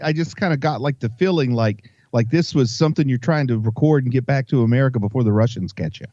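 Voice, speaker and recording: A man's voice: mid-range voice, fast talker, warm tone, no room sound, lo-fi sound. A man co-hosting a podcast with wry, teasing humor. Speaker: podcast co-host. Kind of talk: casual podcast banter.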